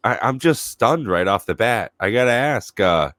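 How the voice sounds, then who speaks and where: A man's voice: fairly low pitch, big pitch swings, moderate pace, a bit bright, no echo, studio quality. A man hosting a comedy podcast interview, playing along in a mock-earnest way. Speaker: podcast host.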